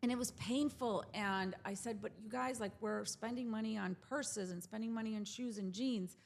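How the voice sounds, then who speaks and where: A woman with a gravelly, creaky voice, telling the story of her business in a relaxed interview. She talks animatedly and slips into quoted voices of the people she met. She sounds like she is in her forties. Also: a little high, moderate pace. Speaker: jewelry brand founder, guest.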